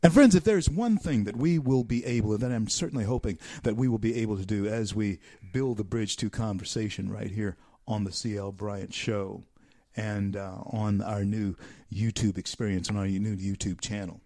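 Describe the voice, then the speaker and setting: An American man hosting a talk show, delivering an animated, preacherly monologue with repeated phrases. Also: lowish voice, normal speed, no room sound, clean studio sound. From United States.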